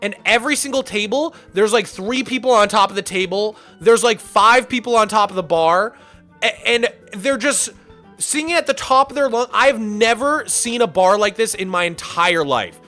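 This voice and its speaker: A man streaming and telling a story in a casual, rambling way, animated and full of "like" and restarts. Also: high voice, normal speed, soft background music. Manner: animated, rambling, repeats himself, lots of "like".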